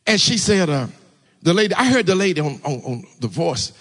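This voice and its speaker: A man preaching with a high, bright, forceful voice. He tells a personal story in sermon style and keeps urging the congregation to answer him. His delivery is animated and breaks into sudden shouts. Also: fairly quick. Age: adult, married. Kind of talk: sermon testimony.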